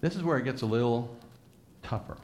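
A man's voice: mid-range voice, fairly quick, a little mellow, slight background noise. A man preaching to a congregation, conversational and teasing, leading them in repeated call-and-response phrases. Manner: conversational, teasing asides to listeners. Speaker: pastor. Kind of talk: sermon.

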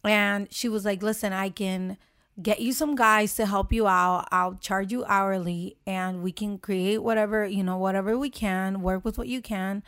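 Animated young woman telling a story. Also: mid-range voice, moderate pace, smooth. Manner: animated storytelling, acts out quotes, swears freely. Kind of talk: casual chat.

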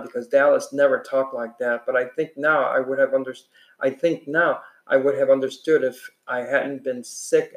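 A man reads a novel aloud in an earnest, steady way, now and then restarting a phrase. His voice sits at a middle pitch, and the room around him is echoey. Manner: earnest reading with small restarts.

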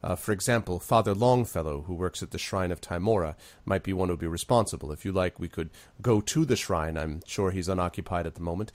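A man's voice: low-pitched, quick pace, few pauses, dry recording, pitched below the performer's own voice, lightly acted. A man voicing a proper, fussy town official woman who talks formally and stammers when worried. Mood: hushed.

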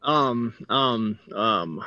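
A man playing in a tabletop role-playing game, explaining in halting bursts with many fillers. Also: mid-range voice, expressive, no echo. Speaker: player. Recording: dry, muffled lo-fi audio.

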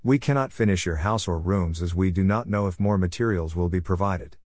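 Male narrator, lowish voice, earnest measured reading of a religious testimony, dry booth sound. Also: a little mellow, dry recording. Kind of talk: scripted narration of a heaven testimony.

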